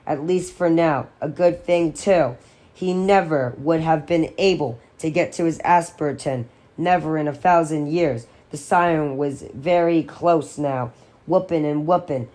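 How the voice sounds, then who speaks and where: Low-voiced woman reading a novel. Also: darkish tone. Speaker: audiobook reader.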